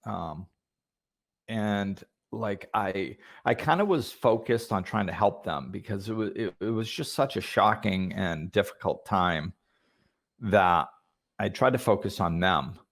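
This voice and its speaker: A man hosting a podcast, talking in a thoughtful, hesitant way with many pauses and restarts. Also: on the low side, creaky, fairly bright tone. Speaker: podcast host. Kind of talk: reflective conversational talk.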